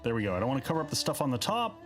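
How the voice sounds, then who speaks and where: A man's voice: mid-range voice, very animated, very fast, faint music behind. A man playing a game live, chatting casually and reading the on-screen dialogue aloud in a playful way. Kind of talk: casual live-stream commentary.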